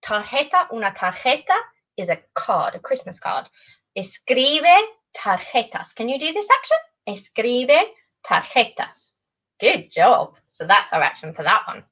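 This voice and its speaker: A woman leading an online Spanish lesson for children, animated and encouraging. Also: on the high side, moderate pace, lo-fi sound. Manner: animated, encouraging, sing-song teacher voice.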